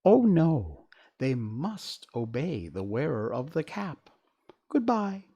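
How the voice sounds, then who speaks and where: A man voicing the tiny, kindly queen of the mice with a very high, squeaky voice in a storybook reading. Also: very animated, slow, warm tone, husky, exaggerated voice. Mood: helpful. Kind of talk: storybook read-aloud.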